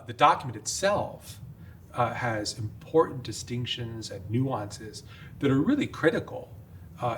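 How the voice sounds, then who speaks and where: A man's voice: mid-range voice, a bit bright, slight background noise. A middle-aged man from upstate New York, a priest, explaining carefully in a podcast interview with frequent "uh" fillers. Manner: measured, careful, many "uh" fillers. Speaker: priest, guest.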